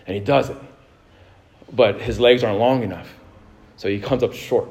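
A male pastor delivering a sermon, moving between fervent exhortation and calm storytelling, with frequent fillers and repeated words. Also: on the low side, fairly quick. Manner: rising fervor, then a calm storytelling tone.

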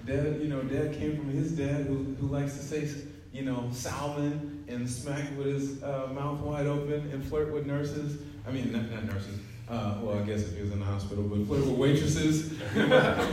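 A man's voice: mid-range voice, steady tone, normal speed, few pauses, background noise. A man in his forties preaching a conversational, joking sermon in a church, laughing often. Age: 40s. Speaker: preacher and track coach. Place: church sanctuary. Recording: echoey hall, mic at a distance.

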